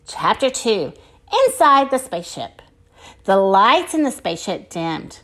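Slow, expressive woman reading aloud. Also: mid-range voice. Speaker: storybook reader. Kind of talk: children's read-aloud.

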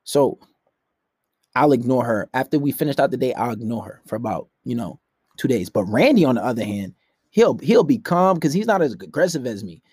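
A young podcast host with a sing-song, mid-range voice that is a little mellow and slightly rough talks fairly quickly from his room at night. He rambles through a casual, blunt, profane rant about dating advice, recorded on a laptop with clean studio sound and no room sound.

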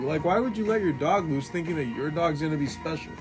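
Young man, cursing, storyteller, a little high-pitched, music underneath; casual podcast talk. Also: fast talker, hardly any pauses. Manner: profane, storytelling, acts out quotes. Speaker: podcast co-host. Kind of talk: casual chat while drawing.

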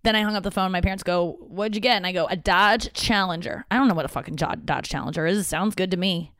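A woman's voice: lowish voice, fast, a bit bright, no room sound, clean studio sound. A woman hosting a podcast, telling stories in a chatty, profane, self-mocking way and quoting other people. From St. Louis area. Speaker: podcast host. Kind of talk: casual storytelling monologue. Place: father's home office.

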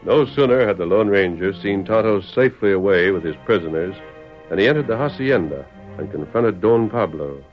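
A man's voice: low voice, expressive, a little fast. Dramatic male radio narrator over music. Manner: dramatic, urgent storytelling. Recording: dull old radio recording with music.

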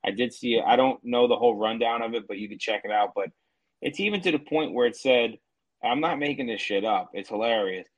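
A man's voice: mid-range voice, fairly quick. A man co-hosting a casual podcast, talking bluntly and mockingly and swearing freely. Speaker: podcast co-host. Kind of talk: casual profane chat.

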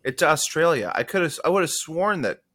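A man co-hosting a podcast, playful and quick with jokes in casual banter. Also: a little high, very animated, a bit bright, no room sound. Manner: playful, does silly voices. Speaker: podcast co-host.

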